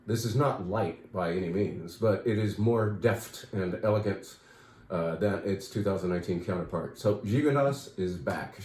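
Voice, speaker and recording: A man's voice: fairly low pitch, a little mellow, roomy sound. A man hosting a casual wine shop talk, chatty and enthusiastic, with many fillers and asides.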